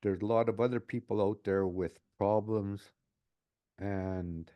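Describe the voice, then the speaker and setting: A man's voice: fairly low pitch, fairly even intonation, a little slow, highs cut off. A man in his late sixties talking earnestly in an interview as a community advocate, often repeating his phrases. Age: 60s. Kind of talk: reflective interview talk.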